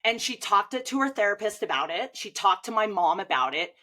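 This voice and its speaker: Over poor audio, a thirty-something woman who coaches swimming chats fairly quickly in a medium pitch. Her casual conversation is animated, with lots of "like" fillers as she retells events.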